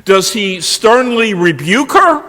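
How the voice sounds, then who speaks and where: A man delivers a sermon in an unhurried, storytelling way and stops often to ask his listeners questions. His voice sits high and moves through a wide, animated range. A long reverb trails after his words. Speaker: preacher. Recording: long reverb of a large hall.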